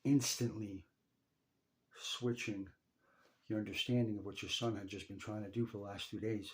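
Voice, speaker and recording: A man speaking straight to his father in an emotional personal story, intense and profane, halting and repeating himself. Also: on the low side, fairly even intonation. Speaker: son telling a personal story. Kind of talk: emotional first-person address.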